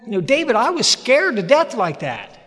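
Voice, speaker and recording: A man's voice: extremely high pitch, wildly swooping pitch, moderate pace, a bit bright. A man telling a humorous, plainspoken story about his recovery in a meeting hall. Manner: plainspoken, humorous, emphatic retelling. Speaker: speaker sharing recovery story. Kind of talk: folksy storytelling talk. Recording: long hall reverb.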